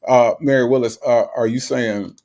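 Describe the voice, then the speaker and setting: A man's voice: medium pitch, fairly even intonation, normal speed, warm tone. A man hosting a live stream in casual, slangy commentary. He reads out chat comments and fires back rhetorical questions, often repeating himself. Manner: slangy, conversational.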